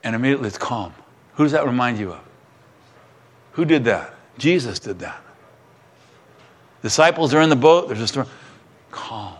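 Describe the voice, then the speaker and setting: A man delivers a sermon, retelling scripture in an animated storytelling manner. He slips into different voices for the characters as he goes. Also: mid-range voice, normal speed, pauses often, slight background noise. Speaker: pastor.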